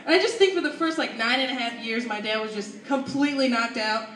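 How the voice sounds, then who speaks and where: A young woman doing an animated stand-up set at an open mic, acting out her family. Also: fairly high pitch, fast. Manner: animated, acts out family members. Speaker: stand-up comedian. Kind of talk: stand-up comedy storytelling. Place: open mic at a university venue. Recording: echoey room from far, faint noise.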